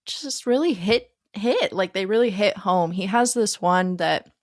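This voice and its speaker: A woman's voice: medium pitch, lively intonation, unhurried, no room sound, studio quality. A young woman co-hosting a casual film podcast, eagerly retelling scenes she loved. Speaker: podcast co-host.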